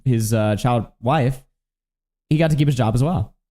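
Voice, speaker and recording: A man's voice: medium pitch, moderate pace, warm tone. A man co-hosting a livestream, chatting casually and swearing while reacting to videos and reading out donations. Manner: laid-back, swearing, reads out donations. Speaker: livestream co-host. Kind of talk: casual profane stream chat.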